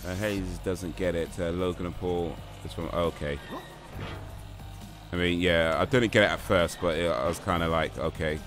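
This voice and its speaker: Brief: low-voiced male streamer, loose rambling chatter, game music faint behind him. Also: fairly even intonation, moderate pace. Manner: rambling, chatty, reacting to viewers. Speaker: livestreamer. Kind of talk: casual gaming stream chat.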